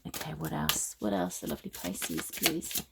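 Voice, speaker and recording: A woman from the UK giving a spoken tarot reading, with a slightly croaky voice and a soft, halting manner full of ums and restarts. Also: extremely low pitch, sing-song, very noisy. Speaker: tarot reader.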